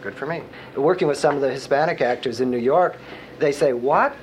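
A chatty theatre director, a man with a middle-pitched voice who rambles along in an interview. There is faint ambient noise behind him. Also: fairly quick, a little mellow, poor audio. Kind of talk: interview talk.

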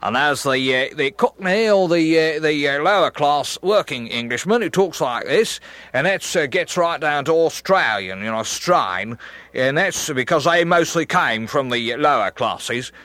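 Man explaining accents, casual and halting, dry close mic. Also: a little high, lively intonation, a bit bright, no room sound.

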